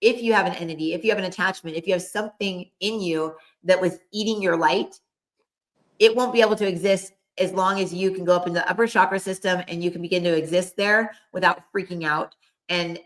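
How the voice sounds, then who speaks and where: A woman's voice: lowish voice, steady tone, brisk. A middle-aged woman co-hosting a casual chat, talking in a rambling way full of fillers while relaying what spirits tell her. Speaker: co-host, psychic medium. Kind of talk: casual chat, channeling messages.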